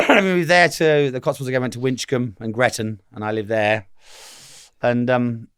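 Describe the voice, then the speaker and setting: A man's voice: mid-range voice, steady tone, moderate pace, a bit bright, clear, resonant tone, no room sound, clean studio sound. A man in his fifties from England, telling stories as a guest in a casual interview, rambling and acting out the voices of the people he quotes. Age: 50s.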